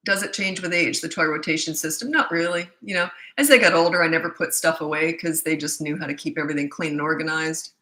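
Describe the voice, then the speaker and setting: A woman's voice: deep voice, fast, hardly any pauses, rough recording. A middle-aged woman, a parenting coach, giving casual advice and acting out what she and her kids said. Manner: animated, acts out quoted voices. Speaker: parenting coach answering questions.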